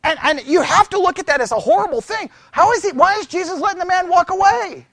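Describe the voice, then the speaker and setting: A man teaching scripture in a conversational sermon, animated and full of rhetorical questions. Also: very high voice, quick pace, no echo, studio quality. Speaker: pastor teaching.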